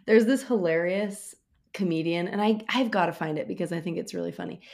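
A woman's voice: fairly low pitch, brisk, creaky, darkish tone. A woman in her thirties co-hosting a podcast, chatting in a giggly, rambling way. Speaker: podcast co-host. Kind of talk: casual chat.

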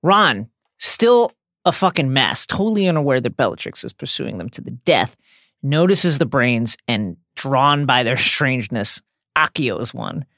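A man co-hosting a podcast, recapping a novel's chapters in an animated retelling with the odd swear word. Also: mid-range voice, moderate pace, vocal fry, no echo, clean studio sound. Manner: animated retelling, mixes profanity into plot summary. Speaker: podcast co-host.

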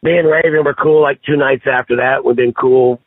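A man on a podcast telling stories in a casual, profane, animated way. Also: medium pitch, brisk, breathy edge, dry recording. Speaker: podcast guest. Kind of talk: casual storytelling chat. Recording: tinny phone-line sound.

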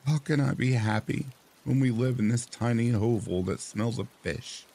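A man's voice: moderate pace, vocal fry, mellow. A man voicing a greedy, nagging old fishwife in a storybook tale, speaking in a raised, insistent voice. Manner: shrill and insistent.

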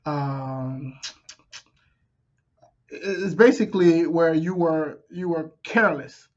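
A man's voice: on the high side, takes it slowly, lo-fi sound. A man reacting to a debate clip with casual, conversational commentary, often repeating himself for emphasis.

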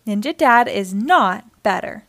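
A woman voicing a frazzled dad who pleads and tries to stay calm. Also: medium pitch, measured pace, dry recording, clean studio sound. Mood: pleading calm. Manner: pleading, wailing.

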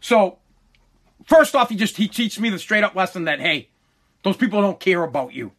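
A man's voice: high voice, moderate pace. A man telling a long personal story in a casual, profane way, swearing freely and tripping over his words as he goes. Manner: animated, swears freely, stumbles and repeats words.

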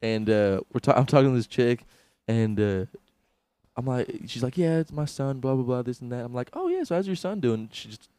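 A man's voice: medium pitch, moderate pace, warm tone, clean tone, no room sound. A young man co-hosting a podcast, telling laid-back, swearing anecdotes and laughing often. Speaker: podcast co-host. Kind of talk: casual chat.

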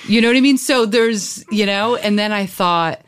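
A woman comedian as a guest, telling animated, rambling stories full of fillers in a casual interview. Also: medium pitch, normal speed, smooth.

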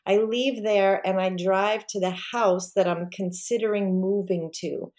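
A woman speaking as a podcast guest, recounting a personal story in a lively way and acting out the voices of the people in it. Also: medium pitch, a little slow. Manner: animated, acts out quoted voices.

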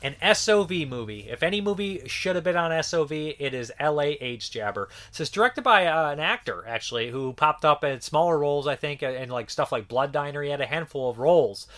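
A man's voice: on the high side, lively intonation, fairly quick, few pauses, a bit bright. A man in his thirties reviewing a movie in a casual, rambling monologue, swearing freely and using lots of filler words.

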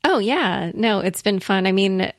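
A woman's voice: medium pitch, expressive, moderate pace, dry recording, clean studio sound. A woman hosting an interview, who laughs easily and teases her guest. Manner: laughs easily, playful teasing. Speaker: interview host. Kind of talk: casual interview.

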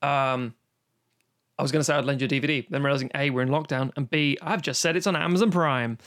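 A man with a mid-range, fairly bright voice speaks quickly in a steady tone, co-hosting a podcast recorded remotely from home during lockdown. He talks up an old film casually and enthusiastically, swearing a lot and rambling with frequent restarts.

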